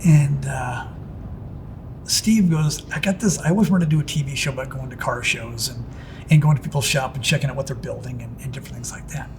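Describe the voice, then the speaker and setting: A middle-aged man at an ordinary pitch tells loose, rambling shop-floor stories in an easygoing interview. He keeps restarting sentences and tossing in casual asides. A faint low rumble sits underneath him. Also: a little fast. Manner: rambling anecdotes with restarts and "it's like". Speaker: pinstriping artist telling his story.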